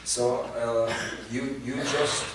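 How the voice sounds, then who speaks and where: An older man from Poland giving personal testimony to students, speaking haltingly and repeating words. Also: mid-range voice, steady tone. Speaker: Holocaust survivor speaker. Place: large hall at a community event. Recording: echoey hall from far off, faint noise.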